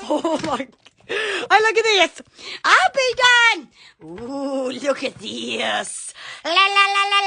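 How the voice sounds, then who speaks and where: A woman's voice: high voice, background noise. A woman hosting a casual live stream on her phone, giggling and exclaiming constantly.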